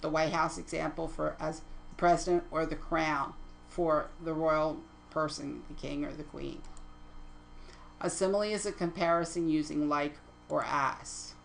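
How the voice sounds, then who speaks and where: Low, gravelly-voiced woman teaching poetry terms. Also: fairly even intonation, measured pace, a little hiss or hum, poor audio. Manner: methodical, reads definitions aloud, self-corrects slips. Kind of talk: slide lecture on poetry terms.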